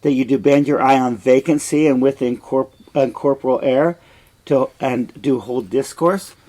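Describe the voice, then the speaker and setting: A man's voice: mid-range voice, moderate pace, mellow, natural voice. A man reading a pleading queen mother. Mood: incredulous.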